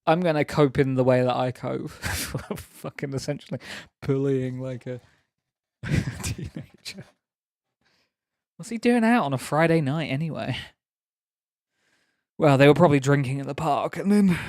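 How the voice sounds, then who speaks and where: A man's voice: on the high side, moderate pace, long pauses, darkish tone, dry recording, clean studio sound. A young man chatting casually on a live stream, rambling, laughing often and teasing viewers.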